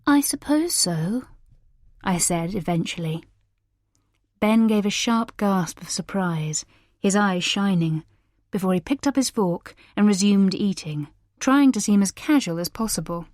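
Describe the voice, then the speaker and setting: A woman reading a first-person thriller audiobook in a measured, quietly scornful manner. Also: medium pitch, no room sound, studio quality. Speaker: audiobook narrator. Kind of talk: first-person scripted narration.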